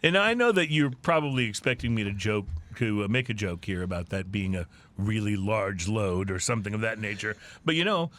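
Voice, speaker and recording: A man's voice: fairly low pitch, lively intonation, brisk, fairly bright tone. A man hosting a playful drinking-news segment on a podcast, reading stories with theatrical, punny delivery.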